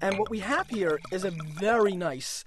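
A man talking as a wine expert guest in a studio interview, energetic, brash and joking. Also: sits high, moderate pace, slight background noise. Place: broadcast studio.

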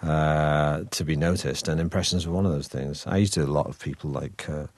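A comic actor in an interview, telling anecdotes with lots of restarts and chuckles. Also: male voice, extremely low pitch, fairly even intonation, fairly quick, no room sound. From Britain. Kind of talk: casual interview chat.

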